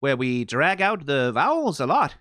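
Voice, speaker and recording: A man's voice: medium pitch, normal speed, dry recording, clean studio sound. A young man from Denmark with a Danish accent, chatting casually to his stream audience and acting out pronunciation examples as he explains. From Denmark, south of Funen. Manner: explains language points with lively spoken demonstrations. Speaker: streamer reacting to an anime episode. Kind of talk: casual chat to a live stream chat.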